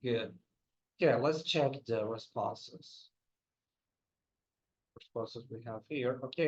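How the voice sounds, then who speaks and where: Slow-paced man teaching English. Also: medium pitch, echoey room, lo-fi sound. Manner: slow, repeats words for drills. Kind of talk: online language lesson.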